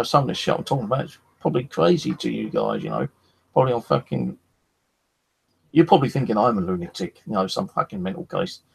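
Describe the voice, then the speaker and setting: Speaking in a mid-range voice with vocal fry and a slightly rough edge, a man recounts paranormal encounters on poor-quality audio. He's a paranormal investigator who rambles casually, curses freely, and leans on "you know" to fill pauses.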